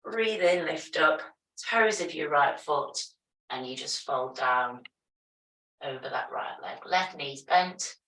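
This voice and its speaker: A woman teaching a yoga class, giving calm, step-by-step movement and breathing cues. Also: deep voice, slow. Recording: echoey room, voice from a distance.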